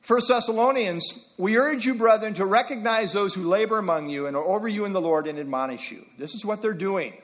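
With a high, somewhat bright voice, this male pastor preaches conversationally. He drops in folksy asides and reads scripture at a slow, deliberate pace.

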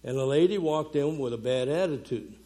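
With a mellow, medium-pitched voice and a fairly quick delivery, a man preaches at a women's conference. His sermon is folksy and talkative, dotted with fillers and quiet chuckles.

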